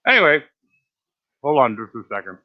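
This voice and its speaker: A man's voice: medium pitch, big pitch swings, moderate pace. Stream host, New man, slightly winded, cursing and rambling, muffled lo-fi audio. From Rhode Island, USA. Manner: profane, rambling, stammering with fillers and repeats. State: a little out of breath. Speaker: livestream host. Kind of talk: rambling live stream chat.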